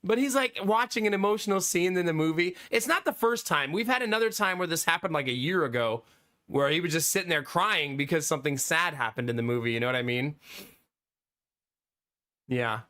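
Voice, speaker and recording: A man's voice: on the high side, lively intonation, brisk, pushed and bright. A man in his thirties chatting casually on a live stream, laughing often and answering chat.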